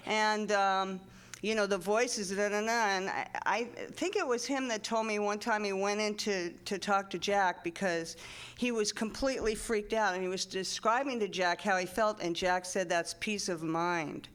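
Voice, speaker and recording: A man with a smooth, clear voice tells stories at a memorial. He rambles along with plenty of fillers and chuckles now and then. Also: sits high, a bit bright. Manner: loose storytelling with frequent fillers and chuckles. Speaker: speaker at a memorial gathering. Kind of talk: rambling personal remembrance.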